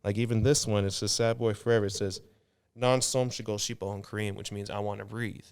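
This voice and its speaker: Laid-back young man, smooth low voice. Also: steady tone, brisk, no echo, clean studio sound. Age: 20s. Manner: laid-back, rambling with many fillers. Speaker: podcast guest, clothing designer. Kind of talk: casual chat.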